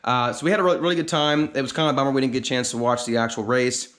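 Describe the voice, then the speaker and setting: At the top of a gorge, a breathless male vlogger chats to his camera, racing through his words in a steady, fairly bright mid-range voice. His talk is loose and rambling, packed with fillers.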